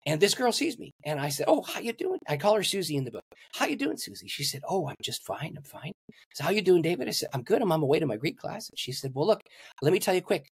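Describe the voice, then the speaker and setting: Animated older man telling a story. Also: quick pace, slightly rough, no room sound. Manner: animated storyteller, acts out dialogue with big pitch swings. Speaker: pastor and guest. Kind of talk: storytelling in a podcast interview.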